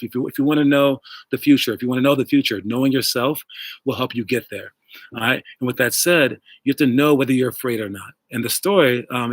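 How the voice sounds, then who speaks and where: Speaking into wireless earbuds with no room sound, a mid-range-voiced basketball coach hosts a casual livestream on basketball and coaching. He rambles, uses lots of filler words, and talks straight to his viewers.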